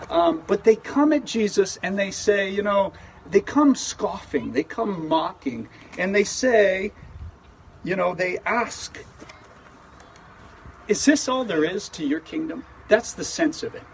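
A man's voice: sits high, lively intonation, slow pace. A man preaching an earnest, conversational sermon at an outdoor service in a parking lot, often restarting his sentences. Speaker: pastor. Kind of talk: sermon with opening prayer. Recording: distant mic with faint outdoor noise.

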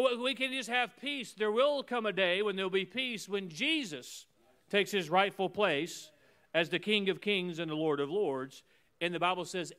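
Male pastor, high and resonant, preaching with emphatic repeated phrases and sudden drops to a hush. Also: clear, resonant tone. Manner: emphatic preaching with swings between loud and hushed; repeats phrases in rhythmic runs. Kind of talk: sermon.

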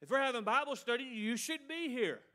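A man's voice: extremely high pitch, lively intonation, fairly quick, pushed and bright. A middle-aged male pastor preaching a sermon with emphasis, repeating a refrain and mocking excuses.

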